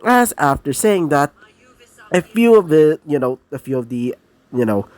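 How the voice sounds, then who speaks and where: A man's voice: a little high, big pitch swings, measured pace, a little mellow, no room sound. Rambling young man narrating a fan story. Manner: rambling, many "you know" fillers and asides. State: clearing a sore throat. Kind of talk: casual improvised fan-fiction narration.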